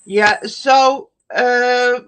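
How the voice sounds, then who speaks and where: A middle-aged woman with an Eastern European accent hosts a live online chat, her voice bright and fairly high. She talks very slowly, pausing and restarting as she searches for words over a video call. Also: fairly even intonation, clear, resonant tone, low-quality recording. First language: an Eastern European language. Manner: slow, searching, with many fillers and restarts. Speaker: host.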